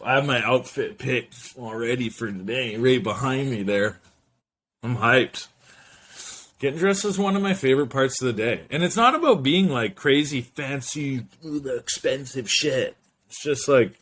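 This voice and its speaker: Rambling casually to camera, a show host in his thirties fills his own program with profane jokes, slang, and French asides. His voice is husky and medium in pitch.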